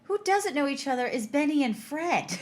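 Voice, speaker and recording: A woman's voice: high-pitched, expressive, normal speed. A woman co-hosting a podcast, chatting casually in a playful, giggly way. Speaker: podcast co-host. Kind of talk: casual chat.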